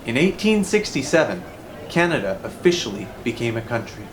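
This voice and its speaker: A man teaching English to learners in a scripted lesson, explaining grammar clearly and deliberately. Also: medium pitch, big pitch swings, slight background noise.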